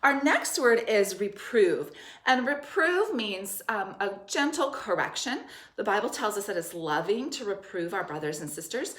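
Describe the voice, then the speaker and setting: A woman teaching third graders a spelling lesson, dictating words slowly and clearly in an encouraging way. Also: on the low side, a bit bright. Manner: slow, clear, encouraging classroom delivery. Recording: roomy echo.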